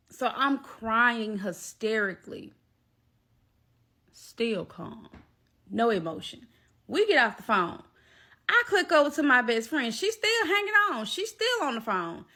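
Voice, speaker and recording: A woman, telling a personal story in a lively vlog and talking straight to her viewers. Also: on the high side, unhurried. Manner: animated, talks straight to viewers. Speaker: vlogger.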